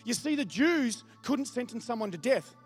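A high-pitched man delivers a sermon in a loose, conversational way. He reads scripture aloud and keeps turning to the congregation with questions. Soft music plays faintly behind him. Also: lively intonation, normal speed, slightly rough. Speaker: pastor.

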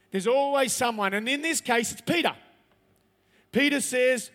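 High-voiced preacher in a big hall. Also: male voice, normal speed, a bit bright. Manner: chatty and humorous, asks the audience questions. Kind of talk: conversational sermon. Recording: long reverb of a large hall.

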